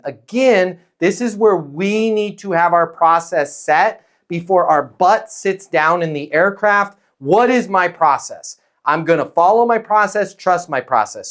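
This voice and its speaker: A high-pitched man running a lively sales coaching session. He talks bluntly and with energy, often slipping into acted-out phone calls and customer replies. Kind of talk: live sales coaching talk.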